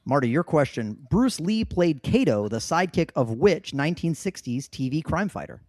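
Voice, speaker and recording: Lively, laughing male quiz host. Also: fairly high pitch, moderate pace, dry recording, clean studio sound. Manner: laughs often, loose and joking. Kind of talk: casual podcast quiz hosting.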